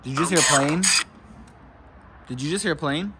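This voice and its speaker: A man exploring an abandoned house, asking spirits short questions in a ghost-hunting session and reacting in hushed tones. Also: fairly high pitch, a little fast, very noisy. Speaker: paranormal explorer vlogger. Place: outdoors at an abandoned house, on a porch.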